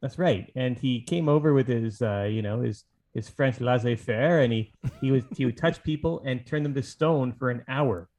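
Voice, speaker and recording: A man's voice: medium pitch, moderate pace, hardly any pauses, darkish tone. A man hosting a casual podcast chat, thinking aloud and rambling with fillers. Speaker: podcast host.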